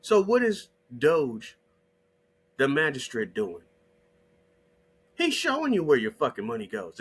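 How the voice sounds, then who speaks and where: A man giving profane, combative ranting commentary over a shared screen, hammering rhetorical questions and repeated demands in a husky voice. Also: medium pitch, very animated, moderate pace, a bit bright. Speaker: online video creator.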